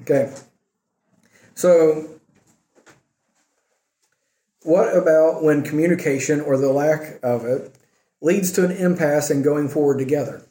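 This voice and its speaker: A man's voice: fairly high pitch, takes it slowly, long pauses, warm tone. Man teaching a church class, echoey. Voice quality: says he has trouble with R's. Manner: asks the class questions, frequent "okay" and "right".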